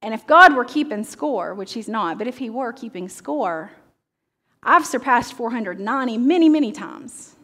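Woman pastor, sermon delivery, higher voice, dramatic scripture reading. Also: animated, moderate pace, a bit bright. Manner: dramatic reading, asks the audience questions. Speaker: teaching pastor.

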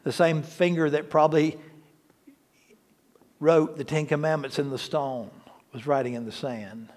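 A male pastor delivers a sermon in a fairly high-pitched voice. He hammers key words again and again for emphasis, then slips into light, joking asides. The delivery is conversational rather than formal. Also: steady tone, a little slow, darkish tone. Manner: emphatic, repeats words for stress; conversational preaching with asides and humor. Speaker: lead pastor.

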